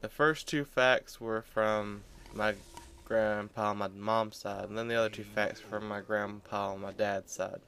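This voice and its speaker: A man's voice: fairly low pitch, fairly even intonation, moderate pace, a bit bright, smooth, no room sound. A young man giving rambling, offhand and joking commentary while playing a video game. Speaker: gameplay commentator. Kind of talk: casual gaming commentary.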